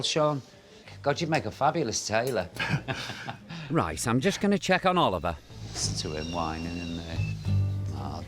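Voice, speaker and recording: Older male presenter, camp and cheeky, animated delivery, music bed. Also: medium pitch. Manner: camp, joking asides, cooing at dogs. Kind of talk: documentary narration and chat.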